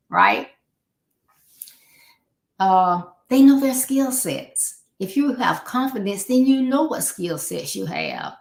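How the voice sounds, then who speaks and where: Speaking slowly with vocal fry, this woman has a fairly high voice that swings widely in pitch. She's a life coach from Florida delivering a motivational talk live, chatting casually while repeating key ideas and performing the voices of those she quotes, all in an echoey room.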